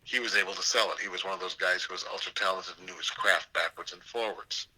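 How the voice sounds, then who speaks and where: An older man, a theater professor, telling anecdotes in an interview with an animated, storytelling manner. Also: low voice, quick pace, breathy edge, low-quality recording. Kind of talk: storytelling interview over a call.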